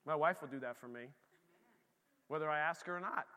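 A pastor preaching a lively, conversational sermon in a church, talking straight to his congregation. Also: a little high, fairly quick, in a large hall.

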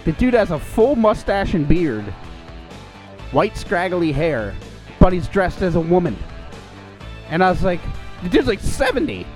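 A man's voice: sits high, sing-song, a little slow, pauses often, a little mellow, soft background music. A man co-hosting a podcast, telling a long profane story in casual chat and putting on quoted voices. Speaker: podcast co-host.

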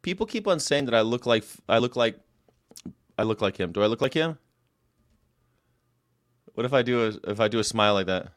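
Brief: man, mid-pitched, casual rambling host, crude and sarcastic, dry close sound. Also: lively intonation, brisk, long pauses, smooth, no room sound. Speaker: vlog host. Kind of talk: casual daily monologue.

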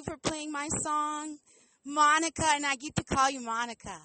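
A woman from Montana, a singer guesting on a radio interview, talking in an excitable, gushing way with stammered restarts. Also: sits high, normal speed, rough recording. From Montana, United States.

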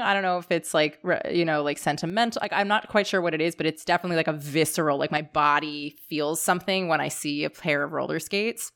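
Woman, podcast host, low voice, rambling, hesitant, lots of fillers. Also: a bit bright. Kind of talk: casual interview chat.

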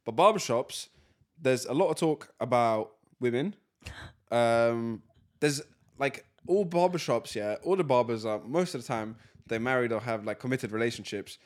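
A man's voice: medium pitch, normal speed. Joking young man on a podcast. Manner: joking, teasing, slangy. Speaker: podcast co-host. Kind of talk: casual chat.

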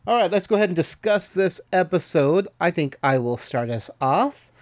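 A man hosting a podcast, chatting casually about an episode he just watched. His voice sits a little high. He rambles and leans on fillers. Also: expressive, normal speed, a little hiss or hum. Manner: rambling, many "you know" fillers. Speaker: podcast host reviewing a TV episode. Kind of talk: casual chat.

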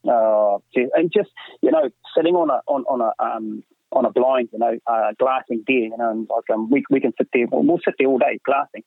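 A man's voice: medium pitch, a little fast, creaky, no room sound. A middle-aged man, a hunting guide talking casually as a podcast guest, full of fillers and "mate". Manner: rambling, many fillers, says "mate" often. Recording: tinny phone line, dry.

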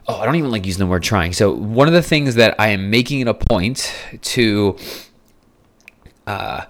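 A young man hosting a solo fitness podcast, talking bluntly with frequent swearing and restarts. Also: lowish voice. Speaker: fitness coach and podcast host. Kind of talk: casual solo podcast monologue.

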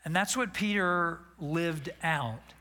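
A man preaching an animated, dramatic sermon as pastor. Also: on the high side, takes it slowly.

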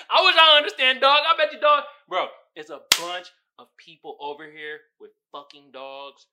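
A man hosting his own podcast, talking casually and profanely, often breaking into loud laughing outbursts. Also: high-pitched, sing-song, normal speed, few pauses. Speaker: podcast host. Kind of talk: casual solo podcast talk.

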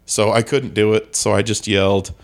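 Gravelly low-voiced man rambling. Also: level tone, moderate pace. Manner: rambling, self-correcting storyteller. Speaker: comedian and podcast guest. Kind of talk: casual podcast chat.

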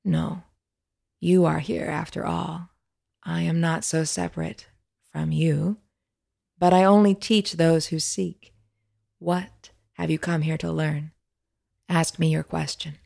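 A woman voicing a tall, calm, snake-headed male spirit who teaches in a quiet, measured way. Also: low-pitched, creaky, exaggerated voice. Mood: calm, wise.

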